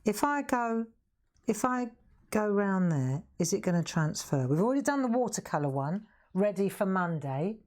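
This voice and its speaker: A woman's voice: mid-range voice, very animated, normal speed, a little mellow. A woman hosting a live craft demonstration, chatting to viewers and laughing often as she works. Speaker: craft show host.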